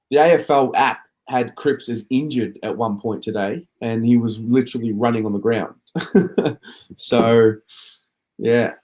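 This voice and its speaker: A man hosting a casual footy chat show, reading out viewer comments and chatting along. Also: mid-range voice. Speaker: podcast host reading comments.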